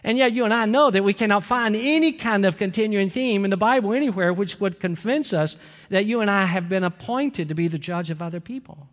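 High-voiced pastor preaching in a reverberant hall. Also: male voice, fairly quick. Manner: animated, conversational preaching with audience asides. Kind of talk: sermon.

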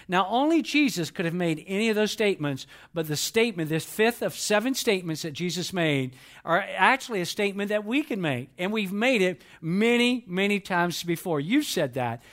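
A middle-aged man delivers a Sunday sermon with a fairly high voice. He tells stories earnestly and slows right down when he quotes scripture. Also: expressive, fairly bright tone. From Georgia, US. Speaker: pastor.

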